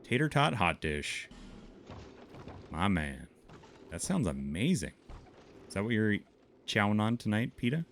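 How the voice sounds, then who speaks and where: A man's voice: lowish voice, sing-song, unhurried, pauses often, a bit bright, slight background noise. A man with a Minnesotan accent, chatting casually with his chat while streaming a game, laughing often. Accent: Upper Midwestern (Minnesotan). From Montana, USA. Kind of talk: casual gameplay commentary.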